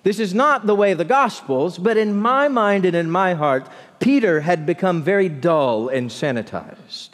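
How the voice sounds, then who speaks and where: Animated preacher in a reverberant church. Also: male voice. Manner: expressive preaching, dropping low and slow for emphasis. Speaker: pastor. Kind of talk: sermon. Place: large church sanctuary. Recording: long church hall reverb.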